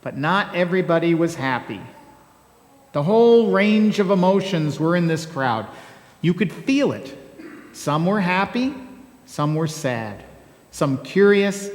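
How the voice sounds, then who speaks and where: Humble old-timey donkey fella, a pastor reading him out, slow, wry little asides, echoey church hall. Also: male voice, a little high, lively intonation. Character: humble plainspoken male donkey telling his story.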